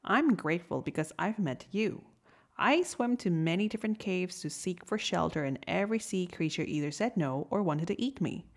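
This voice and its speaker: A woman voicing a tiny, gentle male shrimp in a storybook tale, polite, timid and sweet. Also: on the low side, expressive, moderate pace. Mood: earnest.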